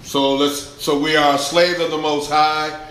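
A male preacher delivering a sermon, swinging between loud shouts and quiet asides and acting out the grumbling voices of churchgoers. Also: fairly high pitch, little pitch movement, measured pace. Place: church hall with congregation. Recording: echoey room with faint ambience.

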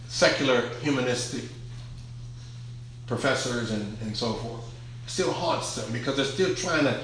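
A man's voice: medium pitch, a bit bright, reverberant, slight background noise. A man preaching a verse-by-verse Bible sermon, emphatic, stretching key words out and putting questions to the congregation. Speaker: pastor.

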